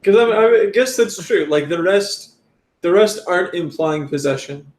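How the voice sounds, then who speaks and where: A man's voice: sits high, a little slow. A young man co-hosting a casual commentary chat, rambling and joking in a laid-back way. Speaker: podcast co-host. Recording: echoey room.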